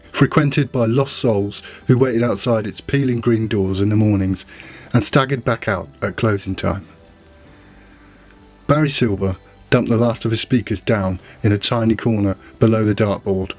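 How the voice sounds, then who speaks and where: A man narrating a novella trailer with dry, wry storytelling. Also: fairly low pitch. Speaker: audiobook narrator. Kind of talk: scripted narration.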